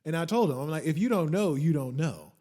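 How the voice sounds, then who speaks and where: A man hosting a podcast, telling a story as a profane rant that swings from muttering asides to shouting. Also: on the high side, expressive, fairly quick. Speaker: podcast host. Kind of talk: ranting monologue.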